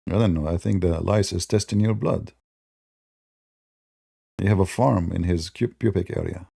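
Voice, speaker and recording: Man, gravelly dark voice, sarcastic combative online debater, non-native English phrasing. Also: sits low, normal speed, dry recording, studio quality. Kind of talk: polemical monologue.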